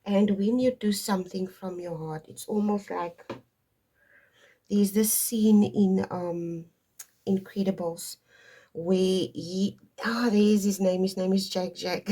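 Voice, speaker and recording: This tarot reader has a dark, lowish voice with fairly even intonation, and she talks a little slowly. In a relaxed tarot and astrology session for viewers, she digresses often and stops to drive her points home.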